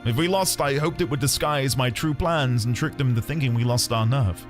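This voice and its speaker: A man voicing a shrewd, calm male army strategist while reading game dialogue aloud, in a measured, matter-of-fact way. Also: medium pitch, faint music behind, lightly acted. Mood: calculating.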